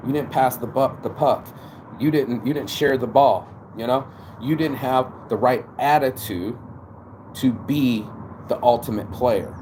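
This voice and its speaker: A man giving a casual, animated motivational talk, preachy and peppered with swearing. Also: mid-range voice, a little slow, a little hiss or hum. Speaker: motivational vlogger.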